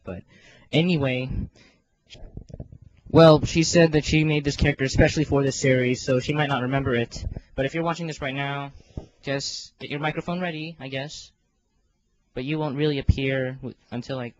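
On a dull, lo-fi mic, a teenage guy with a medium-pitched voice rambles through a casual vlog. He's putting together a fan voice series as a video creator, putting himself down and stumbling over plenty of fillers and false starts.

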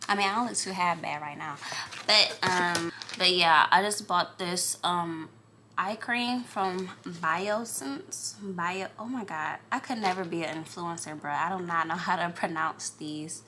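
A woman chatting casually in a vlog from her makeup table, talking to viewers as y'all and honey in a lively, animated way. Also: on the low side, measured pace, a little hiss or hum. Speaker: vlogger.

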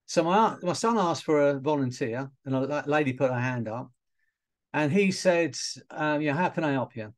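This is a man, a hypnotherapist and trainer, speaking to students over a video call. His voice sits a little high for a man, and his delivery is loose and conversational, full of fillers and small laughs. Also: lively intonation, moderate pace. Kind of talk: online talk to an audience.

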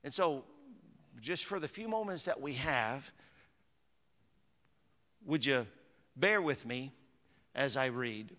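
A man's voice: medium pitch, animated, slow pace, long pauses, sharp tone. A man preaching a sermon as pastor, chatty and conversational, climbing to emphatic peaks. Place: church sanctuary. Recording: long hall reverb.

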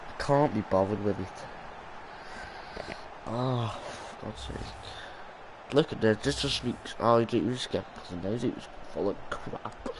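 Exasperated guy with steady hiss behind. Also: lowish voice, unhurried. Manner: ranting, swearing, exasperated muttering. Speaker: gaming channel host. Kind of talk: live gameplay commentary.

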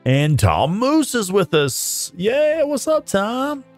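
A man's voice: high voice, huge pitch swings, takes it slowly, dry recording, faint music behind. A man hosting a casual gaming livestream while getting over a cold, laughing often and swearing freely. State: sick with a cold. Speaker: streamer host.

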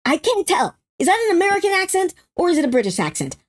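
A young adult woman hosting a casual trailer breakdown, excitable and breaking into squeals and laughs. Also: very high voice, quick pace, a little hiss or hum. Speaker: YouTube host.

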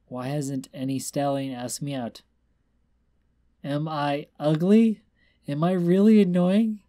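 A man reading aloud and voicing a tipsy, weepy young female pony, raising his voice higher for her. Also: mellow, natural voice. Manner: slurred, self-pitying, stammering.

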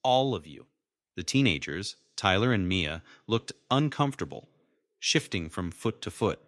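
A young man in his twenties narrates a dramatic first-person story in a low voice with lively, emotional swings. The voice-over is dry and close, with no room sound. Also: normal speed, no echo.

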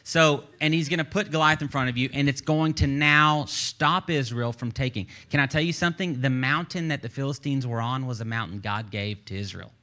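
A man with a Texan accent, a church pastor preaching a sermon from the stage in an animated, joking, conversational way. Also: medium pitch, fairly quick, hardly any pauses.

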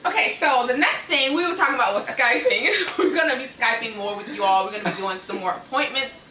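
An American woman hosting a casual ministry chat, talking in an animated way and laughing often. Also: fairly high pitch, a little fast, a little hiss or hum. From United States. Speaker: ministry host. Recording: echoey room, mic at a distance.

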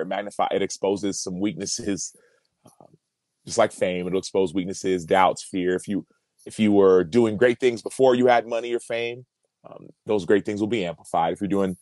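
A man's voice: on the low side, no echo. A man in his thirties, a former pro football player, telling a personal story as a podcast guest in an earnest, reflective way, often repeating words as he builds a thought.

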